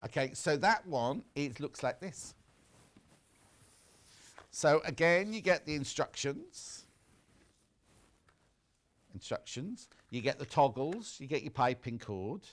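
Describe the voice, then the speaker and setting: Lively chatty man hosting a sales show. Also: a little high, slow pace, long pauses. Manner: chatty and teasing. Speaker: shopping channel host. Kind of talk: live product presentation. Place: TV studio.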